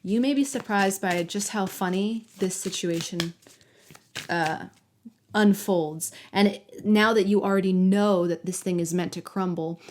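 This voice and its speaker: A woman giving a collective tarot reading, talking softly and affectionately to the viewer and sometimes dropping to a whisper. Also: mid-range voice, unhurried, slight background noise. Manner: soft, affectionate, talks directly to the viewer. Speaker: tarot reader.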